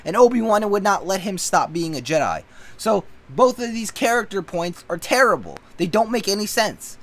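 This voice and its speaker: A man's voice: high-pitched, animated, moderate pace. A man reviewing a movie in a casual, blunt and profane opinion rant that keeps getting worked up.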